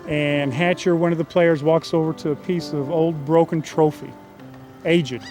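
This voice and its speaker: Man, slightly high voice, folksy earnest storyteller, clear music bed underneath. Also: steady tone, normal speed, a little mellow, rough recording. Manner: folksy, earnest storyteller quoting characters plainly. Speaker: screenwriter telling his story. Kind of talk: storytelling synopsis.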